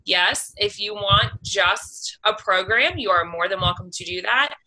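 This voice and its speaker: Woman, team leader on a coaching call; very bright tone, steady and encouraging. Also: medium pitch, a little slow, a little hiss or hum, poor audio. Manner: steady, encouraging, with "you know" and "um" fillers.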